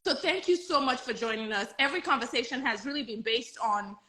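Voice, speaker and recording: A woman's voice: fairly high pitch, fairly quick, bright, forceful tone, low-quality recording. A woman hosting a casual live-streamed chat with a friend, bubbly and laughing often. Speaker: host.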